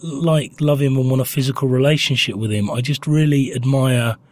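A man's voice: medium pitch, fairly even intonation, normal speed, a little mellow. A man co-hosting a casual podcast, making dry, playful asides. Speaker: podcast co-host. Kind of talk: casual chat.

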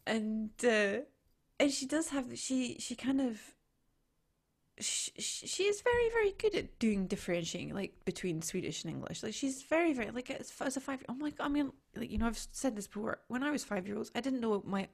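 A woman's voice: on the high side, sing-song, brisk, gravelly, breathy edge. Laughing, swearing woman in casual chat. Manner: laughs often, swears, rambling restarts. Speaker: podcast co-host.

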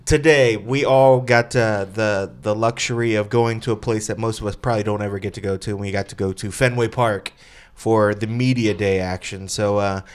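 A man's voice: on the low side, steady tone, moderate pace, few pauses, clean tone. A man hosting a podcast, easygoing and rambling, with many fillers. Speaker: podcast host. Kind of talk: casual chat.

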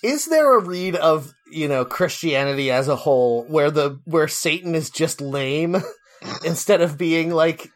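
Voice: medium pitch, animated, unhurried. Ranting, swearing podcast co-host. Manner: ranting, swearing, breaks into laughter. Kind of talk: casual comedic chat.

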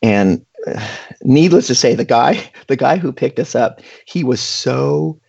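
Man, casual anecdote, husky voice, animated, muffled recording. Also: mid-range voice, measured pace. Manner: animated, chatty, full of fillers. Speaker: guest storyteller.

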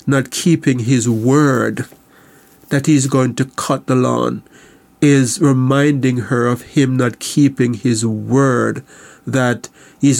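A man working as a counselor, explaining on a radio talk show in a halting way and often repeating words. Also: mid-range voice, vocal fry, darkish tone.

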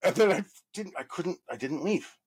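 A man in his thirties from New York, a guest actor telling a profane, animated story full of fillers. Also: high-pitched, moderate pace, slightly rough. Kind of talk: casual anecdote telling.

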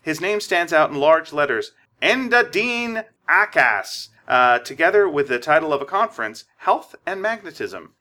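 A man's voice: on the high side, sing-song, moderate pace, few pauses, pushed and bright. A chatty man reading a comic story aloud to friends, with many fillers and joking asides.

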